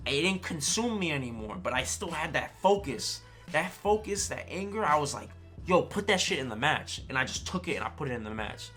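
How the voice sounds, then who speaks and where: A man chatting casually on a stream, telling a story in an animated way with slang and swearing and often checking in with his listeners. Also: mid-range voice. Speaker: streamer and fighting game player. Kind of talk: casual chat.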